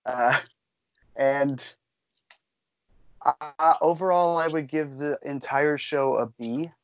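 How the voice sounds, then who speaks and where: A man's voice: a little high, takes it slowly, dry recording, lo-fi sound. Rambling, chatty man on a podcast. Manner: rambling, enthusiastic, many fillers. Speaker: podcast co-host. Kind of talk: casual chat.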